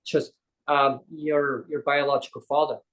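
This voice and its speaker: Man with a fairly high voice, guest on a live show, rambling personal story, acts out quoted lines. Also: little pitch movement, moderate pace, a bit bright, poor audio. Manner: rambling, self-correcting, acts out quoted dialogue.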